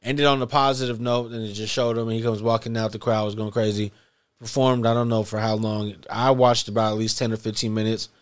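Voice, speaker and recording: Laid-back low-voiced man hosting a casual chat. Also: little pitch movement, a little fast, clean tone. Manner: laid-back, loose, swears freely. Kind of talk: casual hip hop chat.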